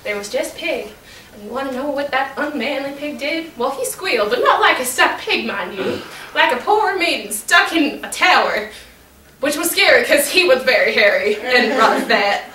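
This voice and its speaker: A woman storyteller telling a tale in character, playful and animated, teasing her audience, recorded from afar in an echoey room. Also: high voice, moderate pace. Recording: echoey room, distant mic, faint noise.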